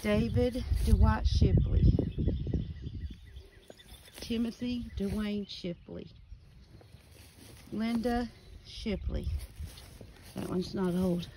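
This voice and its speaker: With birds and outdoor ambience behind her and background noise on the track, a cemetery vlogger reads names and dates from headstones in a rural cemetery. Her mid-range voice is fairly even, extremely slow, and full of pauses, and she's slightly out of breath as she narrates casually.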